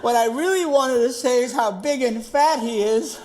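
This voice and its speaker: A man performing a one-man stage show, telling a story in rapid, animated slang with plenty of swearing. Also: very high voice, noisy background.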